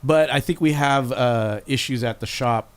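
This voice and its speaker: A man's voice: mid-range voice, moderate pace, clear, resonant tone. A man co-hosting a podcast in casual chat, rambling and swearing freely. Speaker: podcast co-host.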